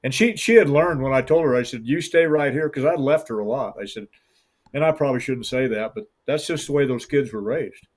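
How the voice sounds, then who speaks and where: A man's voice: mid-range voice, animated, a little fast. A middle-aged man who guides hunts with hounds, telling a long story in an interview in a folksy, rambling way and acting out the voices of the people in it.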